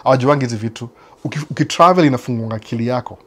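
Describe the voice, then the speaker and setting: A man's voice: mid-range voice, racing. A man from Kenya with a Kenyan accent, hosting a casual chat that answers viewers, mixing Swahili and English and often repeating his phrases. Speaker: host. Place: United States.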